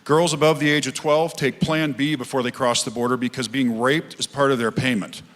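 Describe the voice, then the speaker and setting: A man's voice: mid-range voice, fairly even intonation, fairly quick, a bit bright. Earnest male candidate, echoey hall. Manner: earnest, personal then emphatic. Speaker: political candidate. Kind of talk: candidate forum answer. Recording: long hall reverb.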